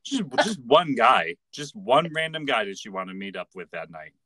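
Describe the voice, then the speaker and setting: Bright, lively man teasing his co-host. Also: on the low side, moderate pace, no room sound. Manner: dry teasing interjections. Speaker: podcast co-host. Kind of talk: casual chat.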